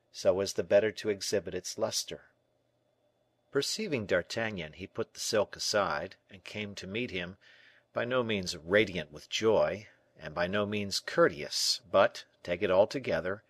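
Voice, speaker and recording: A man narrating a classic adventure novel in a measured, expressive storytelling manner. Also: on the low side, no room sound. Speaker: audiobook narrator. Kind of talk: scripted narration.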